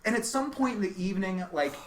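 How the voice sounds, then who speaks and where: A man's voice: sits high, animated, quick pace, a little hiss or hum. A young man, a stand-up comedian, telling stories on a podcast, acting out voices and swearing freely. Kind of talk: casual chat, comic storytelling.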